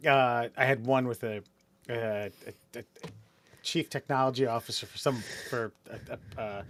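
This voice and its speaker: A man's voice: mid-range voice, steady tone, moderate pace, fairly bright tone. A man co-hosting a casual podcast chat, profane and mocking, who mimics other people in exaggerated voices. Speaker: podcast co-host.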